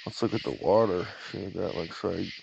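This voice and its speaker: A man's voice: low-pitched, fairly quick, gravelly, lo-fi sound, background noise. Rambling, swearing man outdoors at night. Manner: rambling, profane, laughs often. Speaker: streamer. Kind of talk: casual livestream chat. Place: outdoors in his yard at night.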